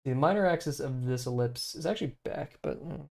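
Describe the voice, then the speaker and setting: Mellow-voiced man thinking aloud while drawing. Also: medium pitch, a little fast, vocal fry. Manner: rambling, hesitant, many fillers and restarts; self-deprecating, laughs easily. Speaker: streamer learning to draw.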